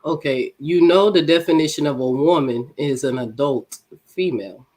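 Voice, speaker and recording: A woman's voice: deep voice, normal speed, a little mellow. A woman with a cold and a speech impediment, blunt and insistent in an online panel debate over a call mic. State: congested from a cold. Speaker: debate guest.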